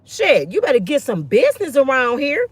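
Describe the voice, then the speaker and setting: A woman hosting a show and telling animated stories, emphatic, preachy and sassy, with quick asides. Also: sits high, breathy edge, dry recording. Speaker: host. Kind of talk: animated storytelling rant.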